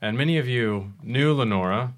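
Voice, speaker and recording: A young adult man hosting a podcast conversation, affirming and unhurried, with frequent soft fillers. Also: medium pitch. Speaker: podcast host. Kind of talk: hosted conversation.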